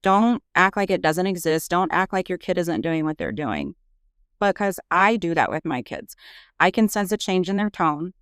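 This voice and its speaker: A woman's voice: fairly low pitch, animated, normal speed, smooth, dry recording, studio quality. A woman nurse practitioner and parent talking candidly in a casual podcast conversation, with frequent fillers. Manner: earnest, candid, frequent "you know" fillers.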